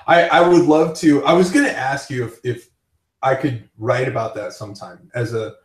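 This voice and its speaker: A man's voice: medium pitch, normal speed. A man hosting a casual chat, telling rambling stories with frequent laughs. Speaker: podcast host. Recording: roomy, distant from the mic.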